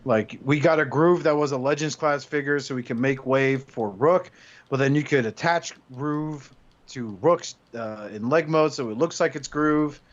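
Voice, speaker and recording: A man's voice: medium pitch, moderate pace. Guy rambling on a podcast, cusses a bunch, kinda muffled lo-fi audio. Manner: rambling, swears freely. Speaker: podcast host. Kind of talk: casual chat. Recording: dull lo-fi sound.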